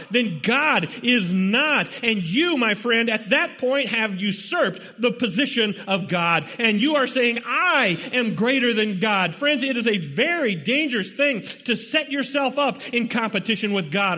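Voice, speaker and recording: A man's voice: extremely high pitch, bright, forceful tone, long reverb tail. A man preaching a sermon, pressing his points with emphatic repetition and rhetorical questions to the congregation.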